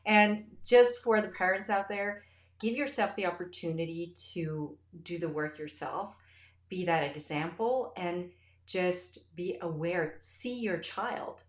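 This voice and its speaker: A woman podcast host chatting in an interview, effusive and telling stories with animated quoted voices. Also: on the low side, slow, roomy sound. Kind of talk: casual interview chat.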